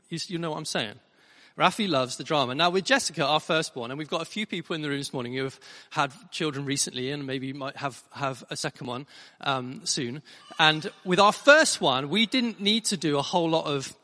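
Middle-aged male pastor, bright, emphatic storytelling preacher, slightly high voice, long church reverb. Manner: animated storytelling with emphatic repeats. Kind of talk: sermon.

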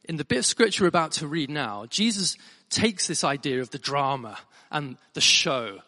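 A middle-aged man preaches from the front of a church, telling stories with lively, emphatic repetition. His voice sits a little high and sounds bright and forceful. A long hall reverb trails after his words. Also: moderate pace. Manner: animated storytelling with emphatic repeats. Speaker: pastor. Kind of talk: sermon.

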